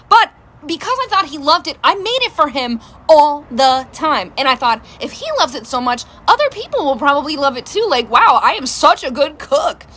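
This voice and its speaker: A woman in her thirties casually telling funny family stories, acting out the people she quotes and laughing often. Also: sits high. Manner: animated, acts out quoted voices, laughs often. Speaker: storyteller. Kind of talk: casual storytime monologue.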